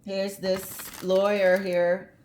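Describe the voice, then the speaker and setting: A woman's voice: medium pitch, little pitch movement, extremely slow, background noise. A woman giving a casual tarot reading, chatty and blunt, with the odd swear word and easy laughter. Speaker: tarot reader.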